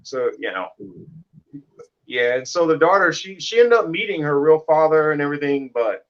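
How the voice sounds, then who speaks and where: A man from Kansas City talks through a story in a loose, rambling way, full of fillers. His voice sits a little high. The audio is muffled and lo-fi. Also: animated, normal speed, a bit bright, a little hiss or hum. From Kansas City, Missouri. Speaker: co-host. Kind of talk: casual panel discussion.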